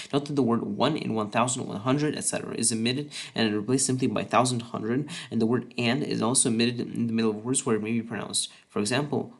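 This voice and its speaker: A man talks through his homemade language in a scripted voice-over, with a medium-pitched, ordinary voice. He trips and restarts words now and then and drops in dry, wry asides. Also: vocal fry, husky. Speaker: conlang creator presenting a submission. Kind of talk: scripted explainer narration.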